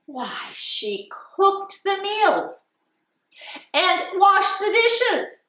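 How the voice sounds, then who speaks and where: Slow, sing-song woman reading to children. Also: very high-pitched. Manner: sing-song, animated, acts out animal sounds. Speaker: children's story time host. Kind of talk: children's songs and storybook reading. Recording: roomy sound from a distant mic.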